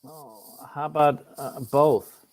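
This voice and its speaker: A man answering quick questions as a guest in a live online interview, friendly and hesitant, over a video call. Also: on the high side, flat delivery, darkish tone. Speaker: guest, wellness coach.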